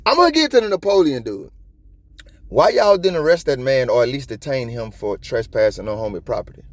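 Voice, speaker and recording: A man giving casual, profane commentary on a police video in streetwise slang, animated and talkative. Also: medium pitch, brisk, dry recording. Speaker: copwatch commentator.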